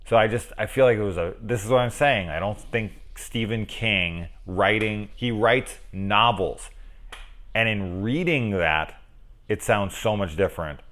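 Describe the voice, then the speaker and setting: A middle-aged man giving a casual, profane film review, animated and acting out lines as he goes. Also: sits low.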